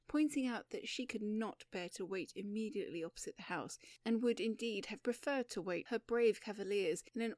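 A woman reads a story aloud at a measured pace and shapes each sentence with expression. Her voice sits at a middle pitch, and the recording is close and dry. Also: no echo. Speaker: audiobook narrator. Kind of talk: scripted story narration.

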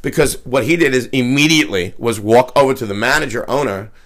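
Brash dude spinning a crude story to his buddies, mid-pitch voice, acts out all the dialogue. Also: fast talker, a bit bright. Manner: brash, profane, tells anecdotes by acting out the dialogue. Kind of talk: casual storytelling chat.

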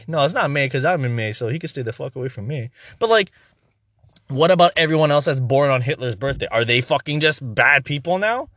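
A man's voice: fairly high pitch, animated, a little fast, a bit bright, no room sound, studio quality. A young man hosting a podcast, ranting in a heated, profane, exasperated way in casual commentary.

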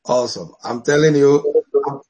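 A man's voice: mid-range voice, moderate pace, warm tone, slightly rough, poor audio. A middle-aged man with an African accent, a bishop hosting an online church talk, laughing often and blessing his guests.

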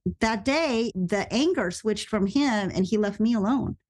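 A woman telling a story in relaxed conversation. Her pitch sits mid-range, and she slips into animated, disbelieving reactions as she talks. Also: measured pace. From United States. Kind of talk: casual podcast chat.

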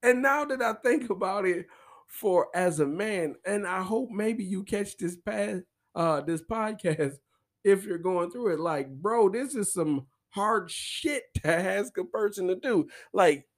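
A man riffs through a comedic podcast monologue in an unhurried, rambling way. He chuckles mid-sentence and swears freely. His voice sits a bit high for a man. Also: animated. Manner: laughing through his words, profane, rambling. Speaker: podcast host.

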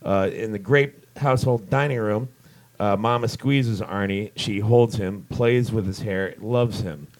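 A man's voice: on the low side, measured pace, darkish tone. Casual man reading stage directions. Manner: reads stage directions with fillers and side jokes. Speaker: script narrator. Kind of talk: casual comedic table read.

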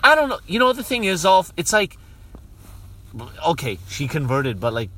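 A man's voice: on the high side, very animated, moderate pace, fairly bright tone, husky, no room sound. A young man telling funny stories in a casual chat, slipping into exaggerated voices for the people he quotes. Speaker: podcast co-host. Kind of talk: casual comedic storytelling.

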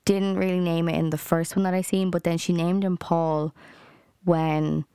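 A woman's voice: fairly low pitch, level tone, normal speed, warm tone, clear, resonant tone, dry recording, clean studio sound. A young Irish woman hosting a podcast alone, chatting casually in a blunt, rambling way, full of fillers and swearing. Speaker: podcast host. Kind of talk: casual solo podcast chat.

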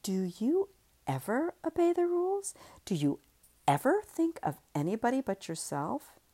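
Miss Snappy, a self-righteous woman, scolds with indignant, raised-pitch reproach, as a female narrator reads her. It is an audiobook-style reading. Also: huge pitch swings, unhurried, mellow, slightly rough, heavily acted. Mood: scolding.

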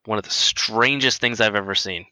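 A man's voice: on the low side, normal speed, sharp tone, no echo, low-quality recording. A young man telling a casual story in a rambling way, full of fillers and restarts.

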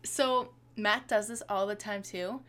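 A woman's voice: medium pitch, fairly even intonation, unhurried, a bit bright. A young woman co-hosting a podcast, gushing and chatting casually with lots of filler words. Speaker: podcast co-host. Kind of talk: casual chat.

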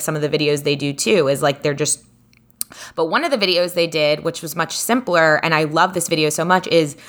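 A woman co-hosting a relaxed podcast, talking in a lowish voice. She rambles with plenty of filler words and retells stories with animation. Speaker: podcast co-host. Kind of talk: casual chat.

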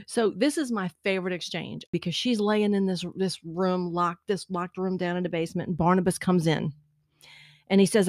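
A woman's voice: lowish voice, steady tone, normal speed, darkish tone, no echo, clean studio sound. A married woman co-hosting a casual chat about a TV show, chatty and often laughing as she retells scenes. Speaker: podcast co-host.

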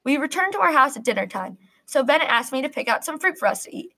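Bright-voiced woman reading a story. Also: sits high, very animated, fast, vocal fry. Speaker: narrator. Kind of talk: first-person story reading.

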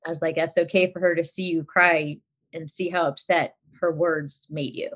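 Speaking at normal speed, this podcast guest, a middle-aged woman, has a low, level, fairly bright voice. She chats casually about her kids, laughing frequently and filling her speech with fillers, on dull lo-fi audio.

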